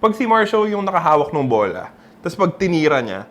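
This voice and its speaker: A man with a Filipino accent co-hosting a casual basketball talk show, expressive and switching between English and Tagalog. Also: fairly high pitch, fast. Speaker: podcast co-host.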